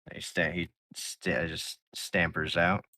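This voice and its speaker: A man's voice: sits low, flat delivery, unhurried, pushed and bright, no echo, clean studio sound. A man narrating as game master for a casual tabletop role-play, voicing the characters. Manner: casual, voices several characters.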